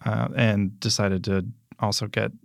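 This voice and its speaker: A young man from Pennsylvania speaking as a podcast guest in a low-ish voice. He talks plainly and steadily in casual interview style. The sound is dry and close. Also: steady tone, unhurried, gravelly, no echo.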